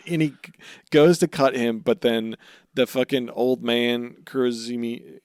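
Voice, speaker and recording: A young man co-hosting a podcast, casually recapping anime episodes with lots of swearing and quick character voices. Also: medium pitch, steady tone, a little mellow, smooth. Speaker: podcast co-host.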